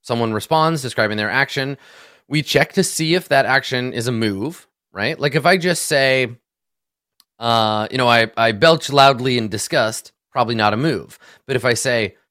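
A man's voice: mid-range voice, moderate pace, fairly bright tone, no room sound, studio quality. A man in casual conversation, patiently explaining how a tabletop game works and walking through examples step by step. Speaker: experienced player explaining game rules.

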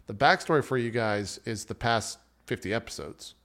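A man talks at an ordinary mid pitch in a loose, casual chat. He is enthusiastic and rambling, and he laughs often. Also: expressive, normal speed, a bit bright. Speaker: tabletop game player.

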